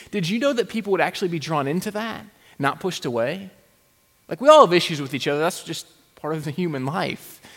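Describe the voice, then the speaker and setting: A pastor preaching a sermon in a conversational way, with rhetorical questions and wry asides. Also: male voice, a little high. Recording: long hall reverb.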